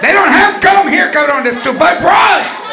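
A man acting out a stern, threatening Latino parent who scolds a child, in a live comedy club with a loud crowd. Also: extremely high pitch, normal speed, vocal fry, heavy background noise. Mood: scolding. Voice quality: loud, mock-stern, Spanish-laced scolding.

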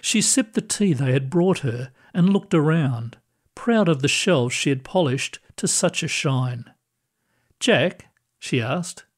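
A man reads a story aloud in a calm, measured, gentle way. His pace is slow and unhurried, and his voice sits a little higher than most men's. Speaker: narrator. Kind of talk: scripted story narration.

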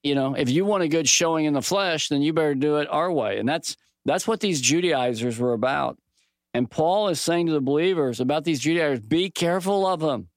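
A middle-aged man teaching from the Bible in a relaxed, folksy way, mixing scripture with a personal sports story and lively quoted dialogue. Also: fairly high pitch, brisk, no room sound, studio quality. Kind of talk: conversational Bible teaching with stories.

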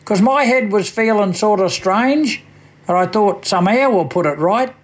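A man's voice: sits high, lively intonation, a little slow. An Australian man reciting a comic bush poem on the radio like a wry yarn-spinner. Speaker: radio poet.

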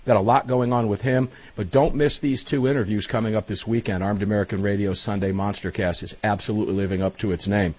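Husky male talk radio host. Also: on the low side, steady tone, darkish tone. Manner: brisk, joking, plugs upcoming shows.

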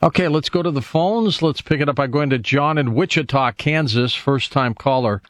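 A man hosting a radio call-in show, taking calls in a brisk, friendly way. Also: a little high, no room sound. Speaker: radio host.

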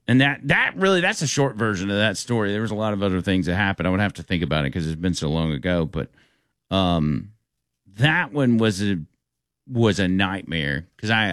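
A man's voice: deep voice, moderate pace, dry recording, studio quality. A man hosting a radio talk show, telling a story casually and acting out the people in it. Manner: animated, acts out the people in his stories.

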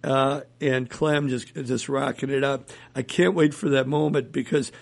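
A man's voice: medium pitch, steady tone, measured pace, creaky. A man, a musician guest in an interview, telling rambling anecdotes and chuckling often. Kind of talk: casual interview storytelling.

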